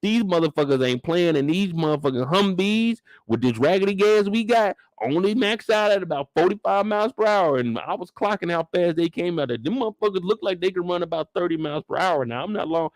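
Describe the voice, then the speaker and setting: A young man streaming a live recap of a TV episode, riffing in an animated, profane, comic way and acting out scenes. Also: high voice, brisk, few pauses, dry recording, studio quality. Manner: acts out scenes in shouted bursts.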